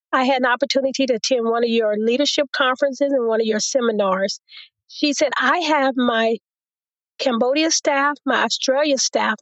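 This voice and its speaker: Woman telling a faith story, higher voice. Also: no room sound, dull audio. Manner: storytelling, quotes others in a lively retelling. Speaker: guest. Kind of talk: personal testimony in an interview.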